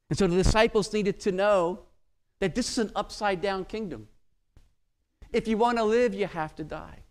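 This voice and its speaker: A male preacher with a notably high voice delivers an expository sermon with rhetorical questions. He swings sharply between loud, emphatic exclamations and quiet, hushed lines.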